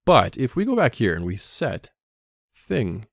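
Lively man walking through code. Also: unhurried, creaky, no room sound, studio quality. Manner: explains step by step, reading code aloud; lively ups and downs in pitch. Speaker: coding instructor. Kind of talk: screencast coding lesson.

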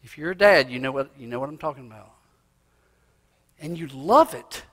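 A male pastor preaching a sermon in a church, swinging from loud cries to hushed asides. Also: on the high side, expressive, moderate pace. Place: church sanctuary. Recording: long reverb of a church hall.

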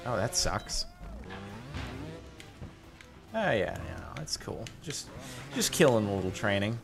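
A man hosting casual gaming commentary, animated and quick to exclaim and laugh. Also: fairly low pitch, gravelly, over music. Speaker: host.

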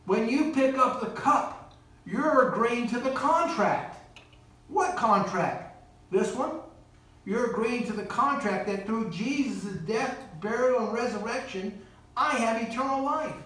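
Male preacher, high voice, heard from off the mic in a very echoey church hall. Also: a bit bright, far from the mic. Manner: earnest preaching with quoted voices and asides. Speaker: guest preacher. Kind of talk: sermon. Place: church sanctuary.

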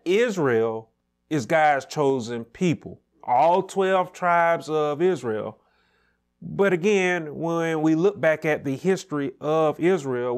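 A man teaching a Sunday school Bible lesson, measured and repetitive, checking in with "right?" as he explains. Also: fairly high pitch. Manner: measured, repeats key points, asks "right?".

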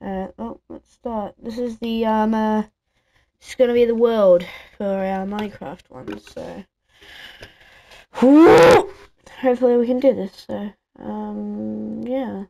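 Talking to herself with lots of fillers, a woman offers casual, wandering commentary as she plays a video game for her gameplay videos. Her voice is mid-range, slow, creaky and dark, with no echo and the high frequencies cut off. Passing trucks and street traffic from her busy-street home come through in the background.

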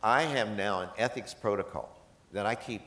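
A man's voice: fairly low pitch, normal speed, fairly bright tone. A man speaking as a guest at a gala, telling humorous stories to a live audience in a chatty, jokey way and quoting the people in them. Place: large event hall. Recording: echoey hall.

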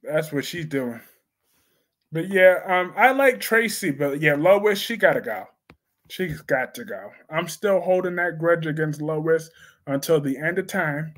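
A young man with a high voice hosts a live stream about soap operas. He reads viewer comments aloud, reacts with sudden bursts of excitement, and talks in a loose, slangy way. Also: a little slow. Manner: animated, laughing, slangy, reacts loudly to chat.

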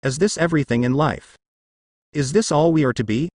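A man voicing a cold, apathetic young male ninja who speaks calmly and flatly. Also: on the high side, brisk, dry recording, clean studio sound, natural voice. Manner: flat, calm, clipped delivery.

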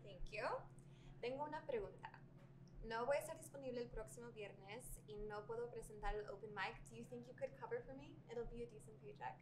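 A woman's voice: a little high, fast, background noise, close to an everyday voice. An actress playing a friendly open-mic organizer who slips Spanish into her English. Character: upbeat woman running a comedy open mic. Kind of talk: scripted comedy drama acting.

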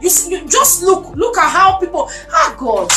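Nigerian woman host, high bright voice, indignant and scolding, echoey room. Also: very animated, moderate pace, soft background music. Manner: indignant, scolding, mixing Pidgin and English. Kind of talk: heated commentary on a talk show.

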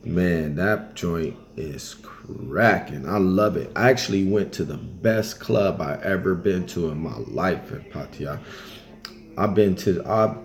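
Guy with a lowish voice telling loose travel stories, chatty and animated. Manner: animated, acts out others in high voices; colloquial, loose phrasing. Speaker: travel storyteller. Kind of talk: casual storytelling.

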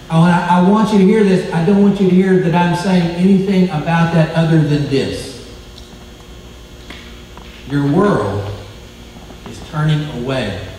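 A man's voice: a little high, mellow, a little hiss or hum. A male pastor preaching a sermon, with emphatic rises and drops in his voice, now and then stumbling over a word. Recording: echoey hall, from far off.

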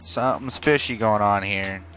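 A young man hosting a gaming channel, giving casual commentary while he plays and cursing back at the characters in an excitable way. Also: fairly low pitch, normal speed. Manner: excitable, profane, talks back to the game characters.

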